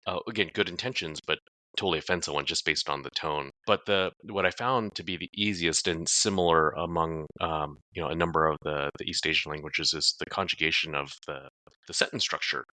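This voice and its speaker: A man from South Korea, a police chief as interview guest, affable and quick to laugh, often repeating words as he starts. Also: a bass voice, bright, forceful tone, no echo. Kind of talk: casual interview conversation.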